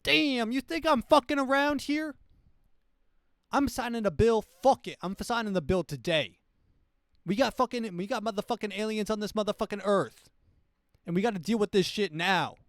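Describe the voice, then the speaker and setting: A man voicing a loud, cursing future president who yells at people. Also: sits high, normal speed, no echo, clean studio sound, voice pushed up. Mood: yelling. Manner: yelling, cursing, aggressive.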